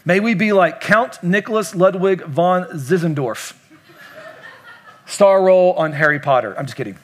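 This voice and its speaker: A man's voice: high-pitched, moderate pace. A middle-aged male pastor from Kentucky, preaching a sermon emphatically and asking the congregation questions. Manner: emphatic, asks the congregation questions and repeats lines.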